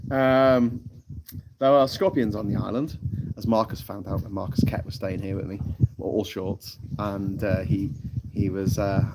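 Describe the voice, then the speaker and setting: A British man hosting a live stream from a tropical island, chatting casually, reading out the live chat, swearing freely and laughing at his own jokes. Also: lowish voice. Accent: British English. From United Kingdom. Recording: loud background noise.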